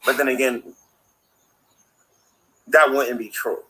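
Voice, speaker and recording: A man's voice: medium pitch, fairly even intonation, slow pace, a crowd in the background, poor audio. Preachy, indignant man ranting into his phone. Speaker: online commentator.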